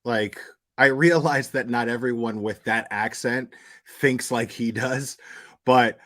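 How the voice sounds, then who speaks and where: A man's voice: mid-range voice, unhurried, pushed and bright. A man hosting a stream, reacting to clips with sarcastic, profane commentary. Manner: sarcastic, mocking, swears a lot.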